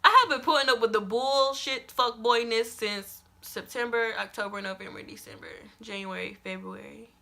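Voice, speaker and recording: Bright, animated young woman vlogger. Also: a little high, moderate pace, gravelly, few pauses. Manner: animated, dramatic, keeps addressing viewers as y'all. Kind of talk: story time vlog.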